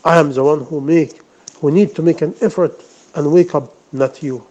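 Mellow-voiced male preacher, pleading sermon. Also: on the high side, steady tone, moderate pace, muffled recording. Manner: repetitive, pleading, self-reproaching. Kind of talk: emotional sermon.

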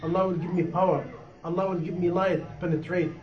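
High-voiced man preaching in an echoey room. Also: steady tone, brisk. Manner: impassioned, repetitive, rising and falling emphasis. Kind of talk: sermon. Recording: echoey room, dull lo-fi sound.

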